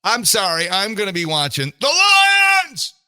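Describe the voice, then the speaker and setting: Joking guy hosting morning radio, bright voice, rambles with lots of uhs, studio mic. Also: high-pitched, huge pitch swings, a little slow, smooth. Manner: wisecracking, rambling with many fillers.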